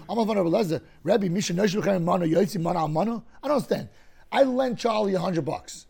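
A man teaching a Talmud class, explaining cases through lively hypothetical scenarios and often clearing his throat. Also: sits high, fast.

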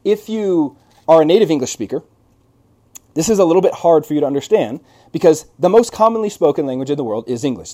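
A man's voice: a little high, warm tone. A man preaching a conversational sermon, telling stories with asides and rhetorical questions. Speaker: pastor.

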